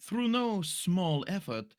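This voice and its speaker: A man voicing a mysterious female fortune teller reading tarot cards, slow and portentous. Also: high-pitched, very animated, a little mellow, voice pushed up, exaggerated voice. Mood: solemn. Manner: slow, solemn, portentous delivery.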